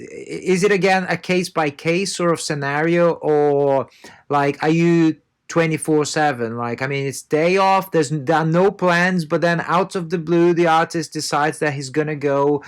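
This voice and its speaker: Podcast host guy, a bit high voice, asks long wandering questions. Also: steady tone, a little slow, clean tone. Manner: rambling, searching questions. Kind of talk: interview questions.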